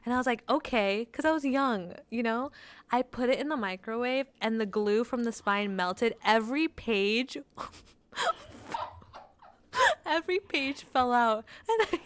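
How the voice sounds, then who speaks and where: A woman's voice: fairly high pitch, unhurried, slight background noise. A young woman co-hosting a podcast, telling childhood stories in casual chat, laughing often and swearing casually. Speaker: podcast co-host.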